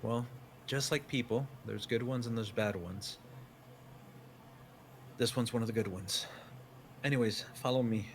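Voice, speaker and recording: A man voicing a kindly older woman guide who sounds friendly and brisk. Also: mid-range voice, a little hiss or hum, close to an everyday voice. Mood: reassuring.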